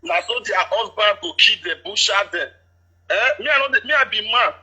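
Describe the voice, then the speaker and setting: High, husky Nigerian Pidgin-speaking man. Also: fairly quick, poor audio. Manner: explaining at length, steady and detailed. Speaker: caller. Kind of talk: casual chat.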